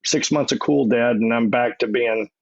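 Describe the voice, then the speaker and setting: A man's voice: mid-range voice, moderate pace, vocal fry, dry recording, muffled recording. A middle-aged man, a podcast guest, telling anecdotes in a loose, rambling way, restarting and repeating his words often. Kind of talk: casual interview storytelling.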